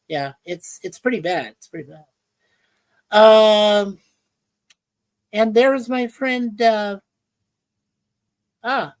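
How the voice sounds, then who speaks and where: A woman hosts a casual livestream from home. She rambles in halting phrases full of fillers and greets chat viewers by name. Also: mid-range voice, low-quality recording. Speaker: livestream host. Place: home in Ontario, Canada.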